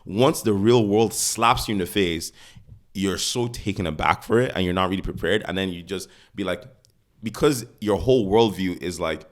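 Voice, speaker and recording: A man's voice: low voice, normal speed. A man co-hosting a podcast, chatting bluntly and acting out quoted voices. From Nigeria. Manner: blunt, animated, acts out quotes. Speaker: podcast co-host. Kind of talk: casual chat.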